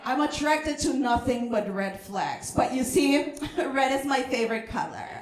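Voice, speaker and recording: A Mexican American woman performing a stand-up comedy set, brash and loud, shouting her punchlines and dropping in Spanish words. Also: sits high. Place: comedy club stage with audience. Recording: roomy club echo.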